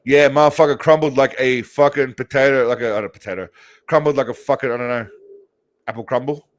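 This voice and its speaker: A man's voice: medium pitch, fairly even intonation, fast. Crude, rambling man reacting to clips. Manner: crude, rambling, heavy swearing. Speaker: host reacting to videos. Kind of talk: casual reaction commentary.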